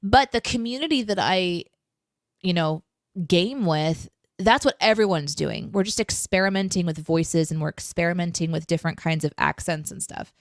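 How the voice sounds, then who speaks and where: A woman's voice: on the low side, normal speed, no echo, clean studio sound. A woman co-hosting a casual live chat show, chatty and self-deprecating, laughing often. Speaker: co-host.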